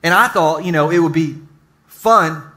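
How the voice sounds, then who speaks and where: A pastor preaching a humorous sermon to a live congregation, telling jokey stories and throwing asides to the audience. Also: male voice, on the high side, moderate pace, pushed and bright. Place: church service before a live congregation.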